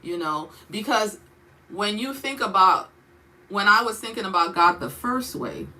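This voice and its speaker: Bright-voiced woman teaching the Bible casually. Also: sits low, poor audio. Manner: conversational, questioning, checks in with frequent "okay?".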